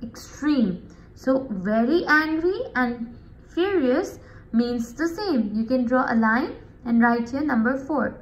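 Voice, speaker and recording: A woman's voice: sits high, lively intonation, roomy sound. A woman teacher going through a vocabulary lesson, often checking in with her students. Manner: slow and drawn out, often checking in with "okay, students?". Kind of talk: recorded classroom lesson.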